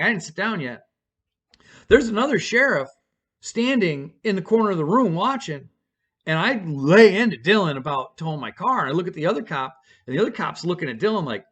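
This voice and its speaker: A man's voice: on the high side, fairly bright tone. A man at home telling a personal story to his camera in a rambling, profane, casual way, full of fillers and restarts.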